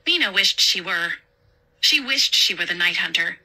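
A woman narrating a suspenseful horror story in a measured storytelling voice. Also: on the low side, lively intonation, sharp tone, rough recording.

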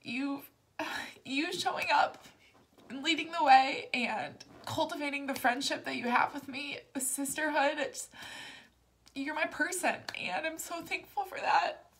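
Woman, fairly high voice, warm and emotional thank-you message. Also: a little slow. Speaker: team member and mother giving a video tribute. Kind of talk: heartfelt recorded message.

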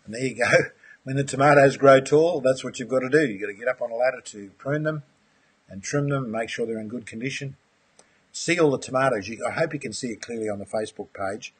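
A husky, breathy man leads a live online class at a mid-range pitch. He talks in a friendly, enthusiastic way, walking viewers through slides and answering their questions. He calls people mate and keeps the tone easygoing. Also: a little fast. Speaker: aquaponics course instructor. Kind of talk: live webinar presentation.

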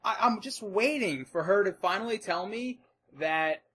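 A man's voice: high-pitched, lively intonation, moderate pace, a bit bright, a little hiss or hum. A young American man co-hosting a podcast, telling an exasperated story with a lot of swearing and acting out both sides of the conversation. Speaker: podcast co-host. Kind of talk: casual profane storytelling.

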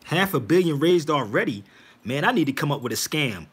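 Husky and fairly high-pitched, this livestream host's voice moves fairly quickly. He calls out to his audience directly, addressing them as "y'all," in a casual, insistent, animated and preachy way.

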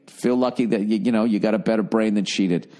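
Loud profane middle-aged man riffing. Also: fairly low pitch, quick pace. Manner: loud, profane, animated riffing with mocking put-on voices. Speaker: podcast host giving advice. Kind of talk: comedic advice podcast, reading listener letters.

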